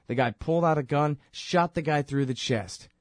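A man's voice: fairly high pitch, moderate pace, dry recording, clean studio sound. A man hosting a political commentary show, talking in a sarcastic, impassioned way. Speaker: show host.

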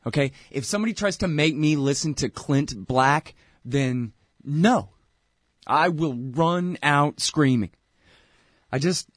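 A man hosting his own show, ranting in an exasperated, opinionated way, with loud outbursts that drop to mutters. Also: fairly high pitch, takes it slowly, no room sound, clean studio sound. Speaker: show host. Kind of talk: opinionated political commentary.

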